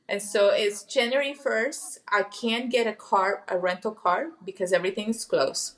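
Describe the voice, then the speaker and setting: A middle-aged woman tells a personal story as a guest on an interview show. Her delivery is lively and conversational, and she slips into the voices of the people she quotes. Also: mid-range voice, normal speed, few pauses. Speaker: hypnotherapist guest.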